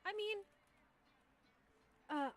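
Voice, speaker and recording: A woman voicing a secretive, brooding character who speaks quietly and evasively. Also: very slow, dry recording.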